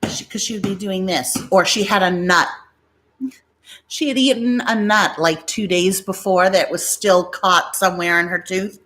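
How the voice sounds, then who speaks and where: A middle-aged American woman chats live to her viewers, wandering from story to story. Her voice sits at an ordinary pitch, loose and conversational, and she often acts out family members' lines. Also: fairly even intonation, normal speed, fairly bright tone, a little hiss or hum. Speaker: livestream host selling bags. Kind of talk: casual storytelling livestream.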